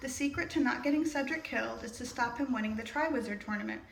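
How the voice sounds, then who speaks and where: A woman's voice: fairly high pitch, quick pace, creaky, slight background noise. A woman reading aloud as an eager teenage boy wizard, in a light, slightly raised voice. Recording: roomy echo.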